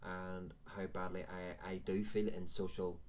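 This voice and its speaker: A man's voice: low-pitched, level tone, a little slow, darkish tone, a little hiss or hum. A Northern Irish man in his forties hosting a live chat show, talking candidly and self-deprecatingly in a rambling way. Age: 40s. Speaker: live show host and vape reviewer. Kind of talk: casual chat.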